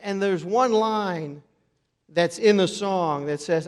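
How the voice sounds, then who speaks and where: A man preaches in a church, his voice pitched a little high and trailing into a long reverb. He tells the story with dramatic pauses and goes quiet and gentle for quoted words. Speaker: pastor. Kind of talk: sermon. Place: church sanctuary.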